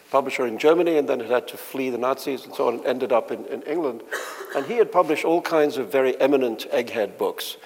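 A man on a panel telling an anecdote in a lively, amused way. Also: medium pitch, creaky, long reverb tail. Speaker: panel guest, novelist.

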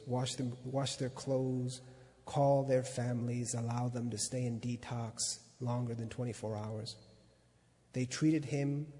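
Man, literary reading, unhurried with small restarts, mellow tone, long hall reverb. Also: medium pitch. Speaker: magazine editor reading at an event. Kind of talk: reading a literary excerpt aloud.

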